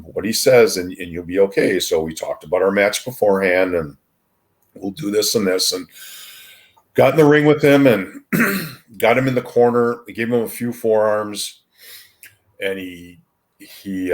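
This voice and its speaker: A man in his sixties, a retired wrestler appearing as a podcast guest, telling casual anecdotes in a rambling way with frequent ums and restarts. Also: low-pitched.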